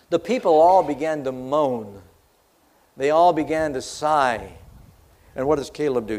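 A man's voice: medium pitch, a little mellow. A man preaching a sermon, retelling scripture as a dramatic story and putting questions to the congregation. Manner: conversational, asks the audience questions. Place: church platform before a congregation.

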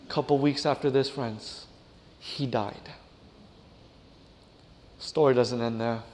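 A male preacher telling a story in a sermon, dramatic, often dropping his voice to a hush for effect. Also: medium pitch, steady tone, slow pace, long reverb tail, slight background noise. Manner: dramatic, drops to a hush, addresses listeners as "friends".

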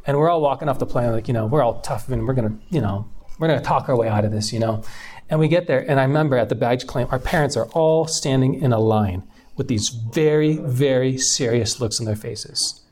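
A man telling his life story in a casual, heartfelt way. His voice sits at a middle pitch, and he rambles a little, circling back with fillers and restarts as he goes. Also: a little fast, a little mellow. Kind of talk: personal testimony storytelling.

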